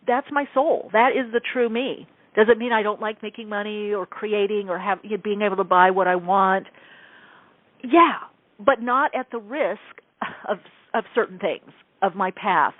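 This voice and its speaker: A woman radio host and psychic medium, telling a spiritual story in casual talk and acting out quoted dialogue with animated shifts. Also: mid-range voice, no echo. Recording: tinny phone-like radio broadcast, dry.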